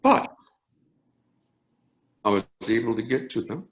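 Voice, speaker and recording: An older man, an orchestra conductor, telling animated anecdotes in an interview with frequent restarts. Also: medium pitch, measured pace. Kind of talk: storytelling interview. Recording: roomy echo.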